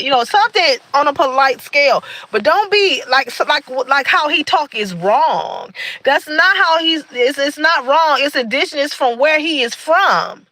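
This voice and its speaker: A woman's voice: high-pitched, animated, normal speed, sharp tone, dry recording, poor audio. A woman from Michigan hosting a livestream, talking casually and earnestly, preaching a little and greeting viewers in the chat. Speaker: livestream host.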